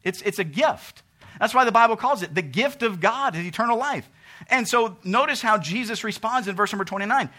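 A man preaching a sermon, asking rhetorical questions and swinging between loud emphasis and quiet asides. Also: high voice, expressive, brisk. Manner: asks rhetorical questions and acts out what people say to God.

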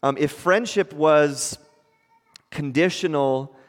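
A man preaching a sermon as a pastor, conversational and animated, often asking the congregation rhetorical questions. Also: on the high side, slow pace, big-room sound.

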